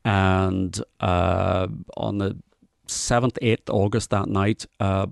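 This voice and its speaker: A man co-hosting a podcast in casual chat, telling stories haltingly with dry, wry remarks. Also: low voice, fairly even intonation, creaky, no echo. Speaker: podcast co-host.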